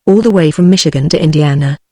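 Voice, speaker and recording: A big, self-assured salesman making excuses in a bland tone, read by a text-to-speech voice. The sound is mechanical, even and dry. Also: mid-range voice, fast, no room sound, close to an everyday voice. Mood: smug. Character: fat, cheery, impudent male traveling salesman.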